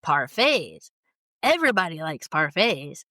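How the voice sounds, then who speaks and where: A woman's voice: low voice, very animated, unhurried, sharp tone, no echo, clean studio sound, full character voice. A woman voicing a chatty, wisecracking male donkey in an indignant comic rant.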